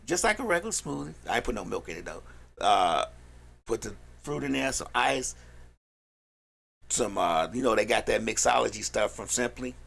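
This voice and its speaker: A man's voice: lowish voice, big pitch swings, creaky, a bit bright, slightly rough. A man co-hosting a casual radio podcast, joking and telling stories. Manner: laid-back, joking, drawn-out storytelling. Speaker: radio show co-host.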